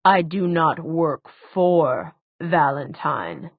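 A woman voicing a quiet, scheming older male tutor who speaks slowly and evenly. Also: on the low side, fairly even intonation, no echo. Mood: cold, quiet. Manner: quiet, slow, measured. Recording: tinny phone-like dry sound.

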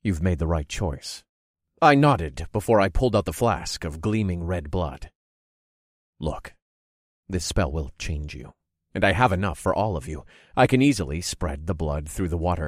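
A man narrating a story in the first person with a measured, dramatic delivery. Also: low-pitched, expressive, dry recording, clean studio sound.

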